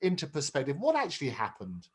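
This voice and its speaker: Guy hosting an interview, lively up and down voice, asking the guest questions. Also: on the high side, quick pace, breathy edge. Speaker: show host.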